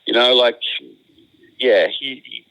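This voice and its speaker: An Australian man with a bright, forceful voice talks in a relaxed, rambling way, full of restarts and slang. The sound is dry and close, coming through a phone line. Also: medium pitch, slow, vocal fry, smooth, no room sound. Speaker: phone-in guest surfer. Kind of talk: casual chat.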